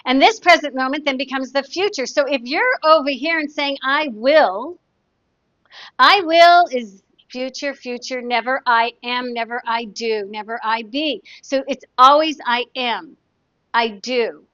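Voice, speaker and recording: A woman's voice: sits high, unhurried, a bit bright, no echo. A woman therapist talking in a chatty, casual teaching way, demonstrating exercises and telling anecdotes. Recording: dull, dry lo-fi sound.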